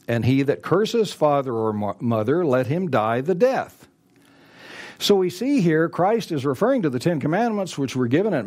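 A man preaching a sermon, reading scripture slowly and emphatically. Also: a little mellow. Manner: emphatic, reads scripture slowly and rises in pitch on quotes.

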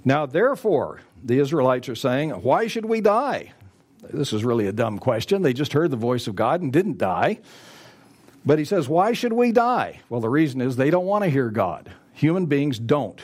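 A man preaching a sermon, reading scripture slowly and emphatically. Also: expressive, darkish tone. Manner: emphatic, reads scripture slowly and rises in pitch on quotes.

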